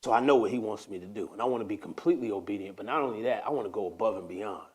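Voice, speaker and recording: A man hosting a casual faith talk, telling a story with animated energy that slides into preaching. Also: lowish voice, rapid-fire, breathy edge. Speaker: host.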